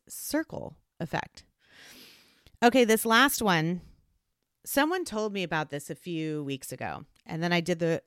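A woman's voice: mid-range voice, no echo, studio quality. A woman hosting a solo advice podcast, talking earnestly and acting out different tones of voice. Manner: earnest, animated, acts out tones of voice. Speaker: podcast host.

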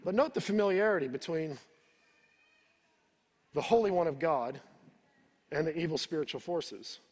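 A man's voice: on the high side, normal speed, breathy edge. A male pastor preaching a sermon, retelling the scripture in his own words and repeating words as he builds each point. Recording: reverberant hall.

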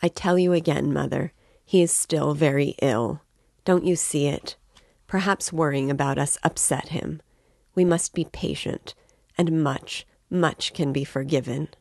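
A woman's voice: low voice, fairly even intonation, a little slow, vocal fry, a little mellow, dry recording, full character voice. A woman reading the part of a proud, curt young woman in a novel. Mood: soothing. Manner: firm and curt.

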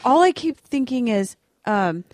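A woman's voice: fairly high pitch, animated, unhurried. A woman co-hosting a podcast, talking in an earnest, rambling, hesitant way in casual chat. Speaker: podcast co-host.

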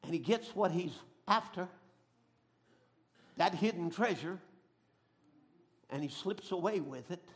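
A middle-aged man preaching a sermon, telling stories dramatically and swinging from a hush to a shout. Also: sits high, expressive, unhurried, long pauses. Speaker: pastor.

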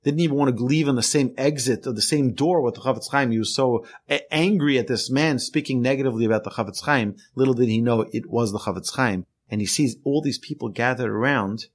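Earnest rabbi giving a spoken lesson. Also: male voice, mid-range voice, a little fast, few pauses. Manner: earnest, emphatic teaching with storytelling.

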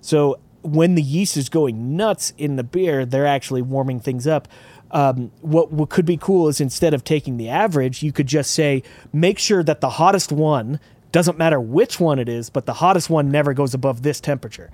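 A podcast host chats casually and technically about a project he's designing, thinking out loud and restarting often. His voice is on the high side and a little mellow, delivered at a moderate pace with no echo.

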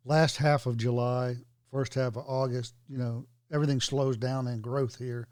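A middle-aged man with an ordinary mid-range voice, co-hosting a relaxed podcast chat. He speaks matter-of-factly and drops in dry wisecracks. The sound is dry and close. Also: mid-range voice, moderate pace, no echo. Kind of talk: casual chat.

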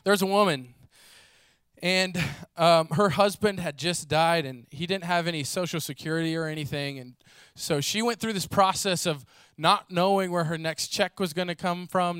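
A male preacher delivering a sermon with animated storytelling, slipping into the voices of the people he describes. His voice is high for a man and sits close and dry, with no room echo. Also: clear, resonant tone. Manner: animated storytelling, acts out voices, casual fillers.

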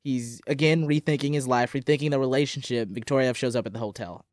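Man, podcast co-host, casual recap, animated storytelling, dry close mic, mid-pitched. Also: fast, dry recording. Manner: animated storytelling, acts out quotes. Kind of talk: casual chat recapping a dating show.

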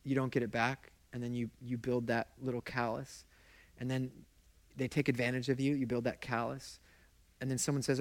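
A man's voice: medium pitch, flat delivery, fairly quick, a little mellow. A male pastor delivering a sermon in a middle-range voice. He talks conversationally, drawing the congregation in with questions. He tells his stories with passion. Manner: impassioned storytelling.

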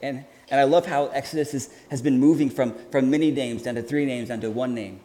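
A man preaching a sermon in an earnest, halting way, often restarting his sentences. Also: mid-range voice, steady tone, mellow. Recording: hall reverb with faint ambience.

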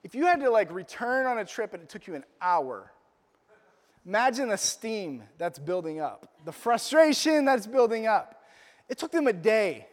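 A pastor preaches a Father's Day sermon, telling the story playfully with joking asides, his voice echoing in the long reverb of a large hall. He speaks at normal speed in a high-pitched, very animated voice.

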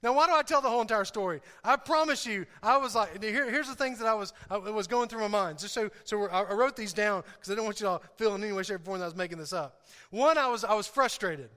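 A pastor preaches in a very high, smooth, resonant voice, telling a rambling story with self-deprecating humor and frequent laughs. His sentences stumble and repeat as he goes. The sound carries a long reverb, as from a large hall. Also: quick pace, sharp tone. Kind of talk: sermon.

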